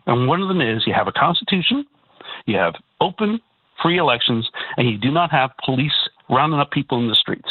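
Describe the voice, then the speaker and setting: A man's voice: medium pitch, animated, a little fast, breathy edge, dry recording. A man calling in to a radio show, agitated and stumbling over restarts as he talks. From Canada. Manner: agitated, repetitive, stammering restarts. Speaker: caller. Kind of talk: call-in radio talk. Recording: tinny phone line.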